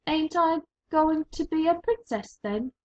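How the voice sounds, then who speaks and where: A woman reading aloud voices a rough, simple young serving girl who talks high, loud and shrill, with a rustic way of speaking. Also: animated, unhurried. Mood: whiny. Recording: dull lo-fi recording.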